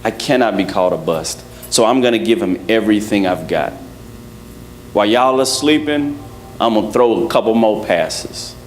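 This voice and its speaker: A man preaching a lively sermon to his congregation, joking and acting out little scenes as he goes. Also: on the low side, moderate pace, slight background noise. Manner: playful, acts out quotes, laughs with congregation. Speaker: pastor. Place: church service.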